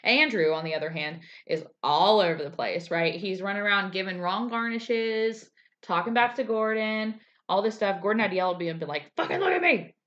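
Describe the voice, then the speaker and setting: A woman co-hosts a casual podcast, animatedly recapping a TV episode and acting out quotes in a raised voice. Her voice is mid-range and her pace normal. The lo-fi recording sounds slightly dull.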